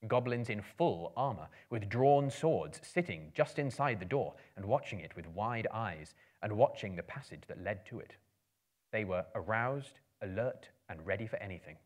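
Man, dramatic live storybook reading, low voice, very animated, theatrical. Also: moderate pace. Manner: theatrical, swelling and hushing for suspense. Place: live performance venue.

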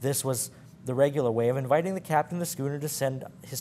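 A man's voice: mid-range voice, fast, darkish tone, a little hiss or hum. Man reading sailor yarns, stumbling. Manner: stumbling, laughing at his slips. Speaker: library program presenter.

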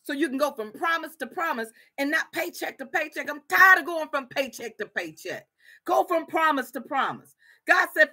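A woman's voice: high-pitched, lively intonation, moderate pace, sharp tone. A woman preaching a fervent sermon, repeating her phrases for emphasis.

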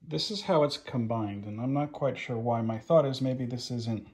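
A man's voice: medium pitch, normal speed, a little mellow. A man hosting a casual home cooking vlog from his kitchen, filming by hand and joking at his own expense as he goes. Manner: jokey, self-deprecating, chatty with asides. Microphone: handheld phone camera.

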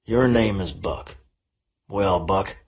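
A man voicing a stern, heavy man with a club in an audiobook, speaking low with quiet menace under a friendly tone. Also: slow pace, husky, exaggerated voice. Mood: menacing.

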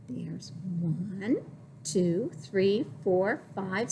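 A woman librarian leading a baby storytime, singing rhymes and reading a picture book in an exaggerated, playful voice with sudden high squeals. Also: background noise. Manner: slow, drawn-out and sing-song. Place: public library.

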